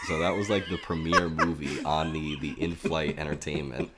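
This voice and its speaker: A man with a very low voice talks through a film in casual podcast chat. He is analytical and steers the conversation, weighing each point before moving on. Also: little pitch movement, a little fast, hardly any pauses, heavy background noise. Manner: analytical, leading the discussion.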